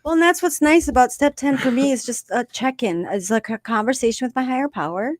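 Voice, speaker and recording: A woman's voice: high-pitched, fairly quick, dry recording, studio quality. A woman co-hosting a casual recovery discussion, talking openly and with feeling about her own life. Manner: open, emotional, animated storytelling. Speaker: podcast co-host.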